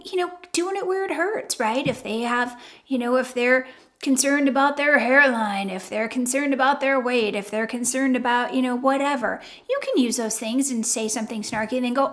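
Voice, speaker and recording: An older woman hosting an advice video, talking bluntly and playfully straight to the viewer. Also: high voice. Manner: blunt, playful, acts out quoted lines. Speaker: YouTube advice host. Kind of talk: casual direct-to-camera advice.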